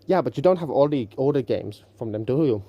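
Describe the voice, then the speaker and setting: Fast-talking young man, rambling. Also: medium pitch, animated, no echo, muffled recording. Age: young adult. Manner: rambling, self-correcting, sarcastic. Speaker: YouTuber. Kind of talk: casual gaming commentary.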